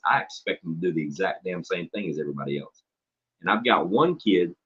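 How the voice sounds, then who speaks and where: Blunt man, low and husky, muffled lo-fi audio, profane storyteller. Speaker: substitute teacher. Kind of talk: casual chat on a stream. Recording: dull lo-fi stream audio.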